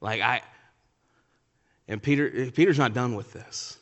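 A male pastor preaching a sermon in a church sanctuary, his voice trailing off into a long hall reverb. He swings between loud, emphatic declarations and soft, hushed asides, with a middle-pitched voice. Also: measured pace, pauses often, dull audio.

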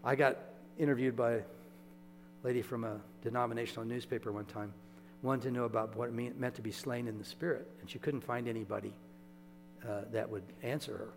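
A man preaching a sermon in a relaxed, conversational storytelling way, often checking in with his listeners. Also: medium pitch, brisk, gravelly. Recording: echoey hall with mains hum.

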